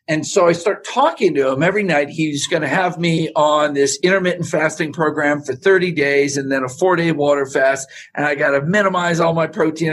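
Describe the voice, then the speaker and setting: A man talking as a podcast guest, telling stories in a lively way and acting out what people said. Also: fairly high pitch, a little hiss or hum. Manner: animated storyteller, acts out quotes. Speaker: podcast guest, supplement scientist. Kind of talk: casual interview chat.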